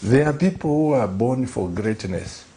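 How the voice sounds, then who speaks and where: A middle-aged man, a pastor, telling a story in earnest on a talk show, slow and pleading, repeating phrases for emphasis. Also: medium pitch, lively intonation, dark tone, slight background noise.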